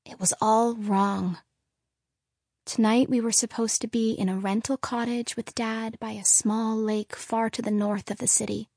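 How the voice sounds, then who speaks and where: A woman narrating a children's novel in first person, with steady, measured storytelling. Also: fairly high pitch, no room sound, clean studio sound. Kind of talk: audiobook narration.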